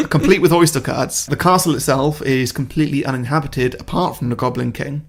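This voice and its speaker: A man in a casual podcast chat, telling his pitches in a laid-back way with frequent laughs. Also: lively intonation, normal speed, vocal fry. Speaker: podcast co-host.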